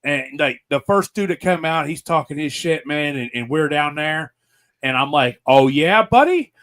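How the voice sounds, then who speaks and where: A man from Pennsylvania tells rowdy, profane stories in casual podcast chat. His voice sits a little high, and he acts out the people he quotes. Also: steady tone, normal speed, a bit bright. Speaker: podcast host.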